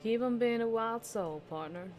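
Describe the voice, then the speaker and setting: A woman's voice: a little high, normal speed, a little mellow, faint music behind, voice pushed up, close to an everyday voice. A woman doing a folksy southern cowgirl drawl. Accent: put-on Southern US drawl. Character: folksy southern cowgirl space gunslinger, friendly, swaggering.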